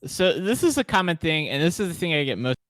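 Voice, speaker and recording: A man's voice: a little high, sing-song, quick pace, a bit bright, dry recording. A man co-hosting a gaming podcast, chatting casually and joking, with rambling sentences full of fillers. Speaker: podcast co-host. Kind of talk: casual chat.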